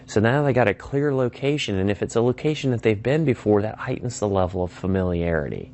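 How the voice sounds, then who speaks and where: A man with a fairly low voice explains sales persuasion in a relaxed teaching style. He keeps breaking off to act out sample phone calls, switching voices for each side. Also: fast talker, hardly any pauses. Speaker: sales trainer. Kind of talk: instructional talk.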